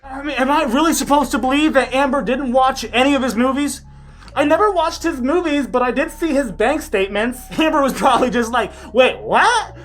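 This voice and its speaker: A woman in a loud, profane, sarcastic commentary rant, her voice slightly muffled by a face mask. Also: high-pitched, a little fast. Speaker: commentary vlogger. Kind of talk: ranting commentary.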